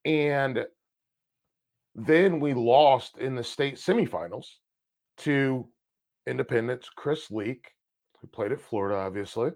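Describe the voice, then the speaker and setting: A man co-hosting a podcast, telling personal stories in a casual, animated way and swearing freely. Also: mid-range voice, slow pace, long pauses. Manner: animated, swears freely, acts out past conversations. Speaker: podcast co-host. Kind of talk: casual storytelling chat.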